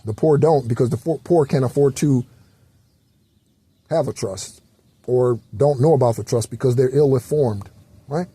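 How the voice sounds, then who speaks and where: Man, spiritual talk host, rambling casual delivery, mellow dark tone, dry close sound. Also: medium pitch, moderate pace, long pauses, breathy edge, dry recording. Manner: loose, rambling, repetitive with fillers and occasional swearing.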